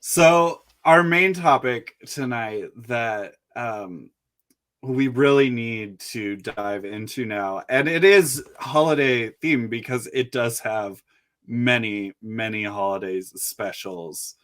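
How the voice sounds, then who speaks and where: A man co-hosting a podcast in casual chat, with a dry, deliberate and wry manner. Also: medium pitch, fairly bright tone. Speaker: podcast co-host.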